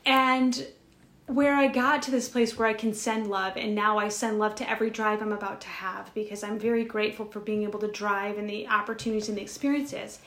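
A woman's voice: mid-range voice, level tone, fairly quick, a bit bright, roomy sound. A woman co-hosting a spiritual chat show, telling a personal story in an earnest, rambling way with many restarts. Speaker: podcast co-host.

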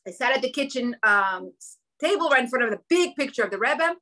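A woman's voice: high-pitched, lively intonation, fairly quick, bright, forceful tone, poor audio. A woman telling a personal story at a women's gathering, emotional and quoting her own inner thoughts, with religious Jewish vocabulary.

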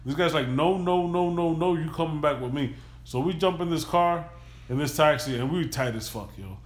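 Podcast host, male, loose profane storyteller with a slightly raised pitch, recorded in an echoey room. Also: normal speed. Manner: loose, profane, animated retelling. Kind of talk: casual storytelling.

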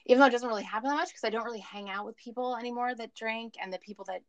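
A woman's voice: on the high side, very fast, no echo. A woman calling in as a guest, telling her personal story in a candid, emotional and rambling way over the phone. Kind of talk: candid recovery story chat. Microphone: phone call.

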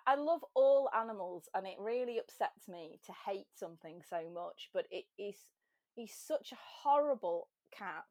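A woman chatting as a podcast guest, self-mocking and quick to laugh. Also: mid-range voice, expressive, darkish tone, no echo, studio quality. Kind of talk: casual chat.

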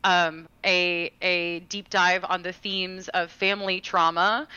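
A woman's voice: lowish voice, flat delivery, slow, bright, forceful tone, clean tone, no room sound, highs cut off. A woman co-hosting a gaming podcast, telling a personal story in a chatty way with many fillers and restarts. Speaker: podcast co-host. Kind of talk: casual chat, storytelling.

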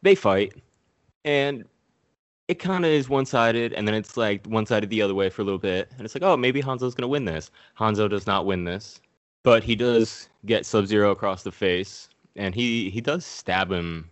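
A man's voice: fairly low pitch, normal speed, dry recording. A man recapping a movie in a casual, profane, comedic way, acting out the characters in silly voices.

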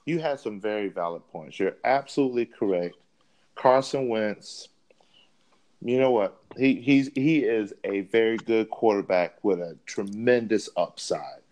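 On a sports podcast, a male co-host argues his point in a sports debate, hammering emphatic, repeated words. His voice is lowish and darkish, and he talks a little slowly.

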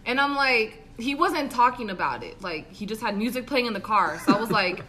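Brisk and a little high-pitched, this twenty-something podcast co-host recounts a dating story in a casual way. She performs the quoted lines, curses plenty, and breaks into laughter frequently.

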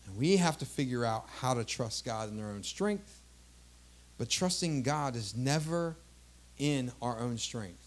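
A man's voice: medium pitch, animated, a little slow. A man in his thirties, a pastor preaching a sermon emphatically, calling out to the congregation and drawing out key words.

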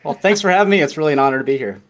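A man's voice: on the high side, animated, racing. Earnest fifty-something man, fitness coach. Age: 50s. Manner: earnest, self-deprecating humor. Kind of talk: casual podcast chat.

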